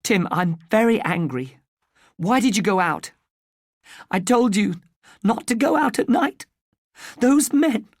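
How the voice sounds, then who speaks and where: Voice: mid-range voice, lively intonation, moderate pace, few pauses, a little mellow, dry recording, clean studio sound, pitched above the performer's own voice. A narrator voicing an upset, protective mother. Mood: angry, upset. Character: worried widowed mother, emotional and protective. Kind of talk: storybook reading for English learners.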